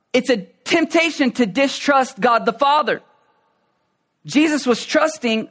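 A man preaching a sermon, going from calm, conversational explanation to loud, emphatic preaching. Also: very high voice, normal speed. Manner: conversational, with fillers and restarts.

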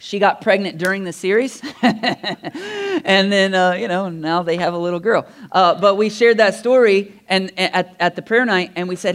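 In church, a male pastor tells sermon stories as if chatting with friends, animated and full of lively asides and quick laughs. His voice is slightly high, clean and smooth.

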